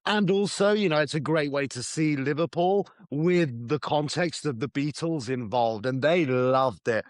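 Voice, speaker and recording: A man's voice: fairly high pitch, a little slow, dry recording, clean studio sound. A man co-hosting a podcast, chatting casually and hedging his opinions. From southern England. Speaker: podcast co-host. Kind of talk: casual chat.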